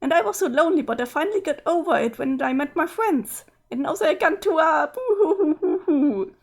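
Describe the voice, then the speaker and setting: A grief-stricken young girl ghost sobs and pleads in a high, swooping voice, as a woman puts her on while reading a webcomic aloud. She breaks into exaggerated "boo hoo" wails and keeps asking to go back. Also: lively intonation, fast. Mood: mournful.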